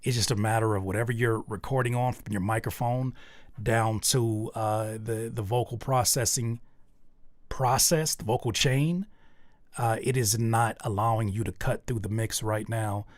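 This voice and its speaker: A man's voice: fairly low pitch, normal speed, dry recording. A man hosting a livestream, giving candid and rambling feedback on listeners' songs, with many restarts. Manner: candid, rambling with restarts, gets loud and animated in disbelief. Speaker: host reviewing listener music. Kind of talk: casual livestream music feedback.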